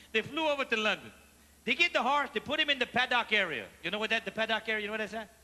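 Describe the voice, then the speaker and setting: A man with a Cajun accent telling comic stories on stage, animated and mixing in French phrases as he asks the audience questions. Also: high voice, fast. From Louisiana. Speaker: stand-up comedian. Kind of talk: live stand-up storytelling. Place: large theater stage before a live audience. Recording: live theater recording with hall reverb and faint ambience.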